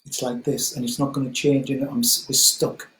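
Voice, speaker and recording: A man who teaches mindfulness, leading a guided meditation talk slowly and gently, with frequent ums. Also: mid-range voice, little pitch movement, roomy sound, slight background noise, poor audio.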